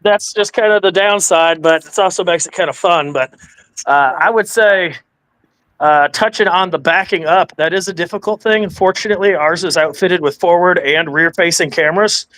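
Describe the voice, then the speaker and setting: A man's voice: high voice, normal speed, fairly bright tone, no room sound. A man talking as a guest in a casual chat, easygoing and a bit hesitant, with fillers.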